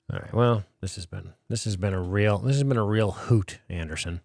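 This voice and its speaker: A man's voice: on the low side, brisk, creaky, darkish tone, no echo, studio quality. A man co-hosting a podcast, chatting casually and joking sarcastically. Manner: joking, sarcastic, swears freely. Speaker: podcast co-host. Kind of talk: casual chat.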